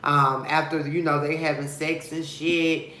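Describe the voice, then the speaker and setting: A man's voice: a little slow, slight background noise. Sassy, dramatic man in an echoey room. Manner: dramatic, sassy and expressive, with big swings of pitch and loudness; gossipy and blunt, with slang and profanity. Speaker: TV show reviewer. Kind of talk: casual vlog episode review.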